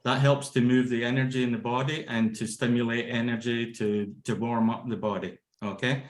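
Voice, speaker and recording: A man's voice: mid-range voice, level tone, moderate pace. A man teaching laughter yoga over a video call. He talks energetically, breaks into ho-ho-ha-ha-ha chants and laughter, and keeps checking in with "okay?" and "yeah?". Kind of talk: instructional talk with demonstrations. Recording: roomy echo on a video call.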